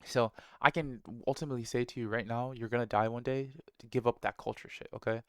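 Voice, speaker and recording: A man's voice: medium pitch, steady tone, fast, clean tone, no room sound. A man giving a blunt, profane motivational talk, full of slang and rhetorical "right?"s. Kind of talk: casual motivational monologue.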